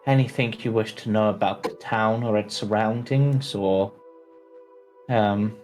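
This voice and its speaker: A man's voice: lowish voice, fairly even intonation, a little slow, darkish tone, soft background music, natural voice. A man voicing a cautious, polite village priest in a tabletop role-play, speaking hesitantly with many ums and restarts. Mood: earnest. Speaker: game master.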